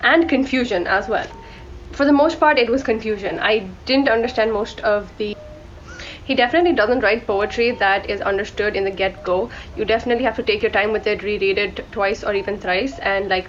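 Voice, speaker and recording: A young woman from India talking casually about books she read, rambling and correcting herself as she goes. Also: on the high side. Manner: chatty, rambling, corrects herself mid-sentence. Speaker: book vlogger. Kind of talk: casual book review chat. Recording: dull lo-fi audio with faint background music.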